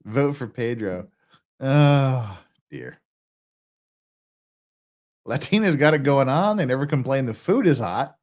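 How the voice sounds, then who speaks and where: A man's voice: mid-range voice, expressive, slow, long pauses, a little mellow. A man from Utah commenting sarcastically on police footage, joking and laughing often. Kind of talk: live-stream commentary.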